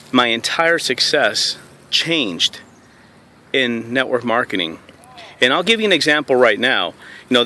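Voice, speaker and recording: A man with a bright, forceful voice gives a motivational talk to camera, full of energy as he tells stories from his network marketing work. He speaks from inside a car, with faint road noise behind him. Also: medium pitch. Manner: energetic storytelling, slips into quoting himself.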